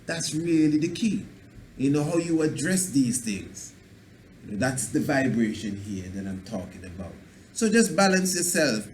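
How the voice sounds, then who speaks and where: A man's voice: fairly high pitch, slight background noise. A man giving a radio self-help talk as a spiritual teacher, rambling and preachy, acting out little scenes in dialect.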